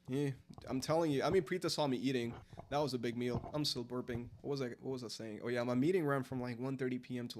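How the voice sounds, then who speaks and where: A man, chatting casually and rambling through a late-night live stream, answering chat as he goes. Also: mid-range voice. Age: 20s. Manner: rambling, filler-heavy, answers chat aloud.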